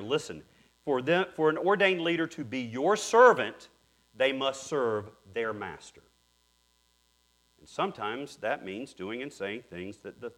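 A man preaching a sermon earnestly, dropping to hushed tones and rising to emphatic peaks. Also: medium pitch. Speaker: pastor.

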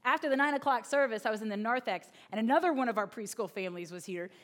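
A woman's voice: a little high, fast. A woman pastor giving a sermon, telling a funny story with lots of acted-out quotes. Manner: animated, humorous storytelling with voiced quotes.

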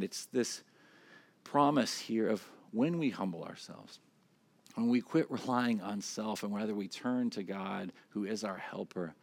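A man preaching a sermon as pastor, earnest. His voice climbs when he voices prayers and scripture, then drops soft and low on reflective points. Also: unhurried, vocal fry, no room sound. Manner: earnest, rises in pitch and volume when quoting scripture and prayers.

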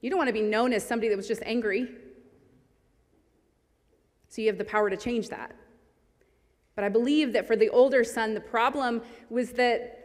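Female preacher, slightly high voice, earnest conversational sermon delivery, hall reverb. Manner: earnest and conversational, reads scripture aloud.

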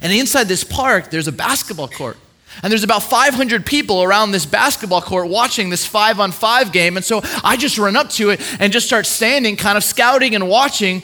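Bright, high-voiced man preaching through a story. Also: moderate pace. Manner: animated storyteller acting out quoted voices, repeats words. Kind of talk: storytelling sermon.

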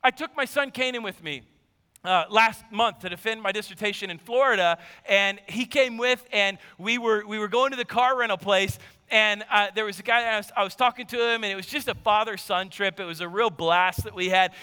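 A man in his thirties preaching a sermon, his voice pitched very high with a bright, forceful edge. He drops into low, quick asides, then climbs to shouted emphasis. A long church-hall reverb trails behind his words. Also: clear, resonant tone. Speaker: pastor. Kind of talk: sermon with personal story. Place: church sanctuary.

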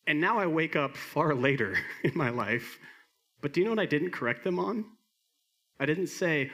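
A middle-aged man preaching a sermon as pastor, earnest, swinging from emphatic peaks to soft quiet lines. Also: mid-range voice, a little fast.

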